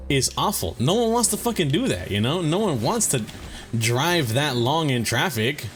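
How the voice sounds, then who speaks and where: A young man rants straight to his viewers, exasperated, swearing and slangy. His voice sits a little high and jumps around with lively ups and downs. Faint music plays underneath. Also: moderate pace. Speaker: vlogger. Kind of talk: casual ranting monologue.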